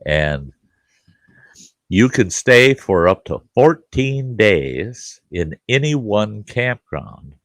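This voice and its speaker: A middle-aged campground host with a very low, gravelly voice tells rambling, profane campfire-style stories in a laid-back live chat, speaking extremely slowly. He chuckles at his own jokes, and the audio is dry and close-miked with no room echo.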